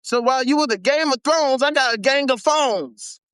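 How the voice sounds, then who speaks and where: An American man hosts a live stream, ranting in a casual, animated way thick with profanity and slang, often repeating himself for emphasis. His voice is extremely high-pitched at a normal speed, with a clean tone and a dry recording.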